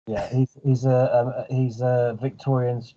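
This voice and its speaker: Give me a man explaining his tabletop character in a slow, halting way. The audio is muffled and lo-fi, with faint noise. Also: medium pitch, flat delivery, warm tone. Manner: halting, filler-heavy. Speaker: player. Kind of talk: casual chat.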